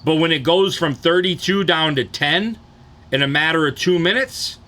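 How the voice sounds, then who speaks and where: A man's voice: on the high side, normal speed, sharp tone. A man from the Detroit area, ranting casually and profanely on a livestream and often asking "you know what I'm saying".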